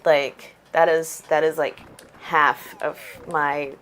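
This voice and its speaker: A woman's voice: low voice, little pitch movement, takes it slowly, a bit bright, slight background noise. A woman chatting casually on a livestream, chiming in agreeably and adding her own view.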